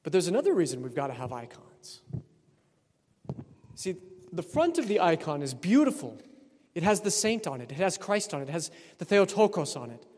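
A man's voice: fairly high pitch, sing-song, moderate pace, a little mellow. A man from Texas, preaching a sermon as a priest in a conversational way with wry asides. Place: church. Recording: long church reverb.

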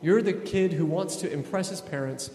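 A man's voice: high voice, moderate pace, warm tone, roomy sound, big-room sound, lightly acted. A man preaching voices Jesus as a wry, casual adult man, in a playful, conversational way.

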